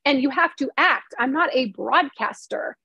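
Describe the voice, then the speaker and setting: A middle-aged woman with a high, bright voice chats as an interview guest, spinning her stories with energy and slipping into the voices of the people she quotes. The sound is close and dry, with no room around her. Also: moderate pace, slightly rough, dry recording, lo-fi sound. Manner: animated storytelling, acts out quoted dialogue. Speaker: interview guest, novelist and screenwriter. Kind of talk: casual interview chat.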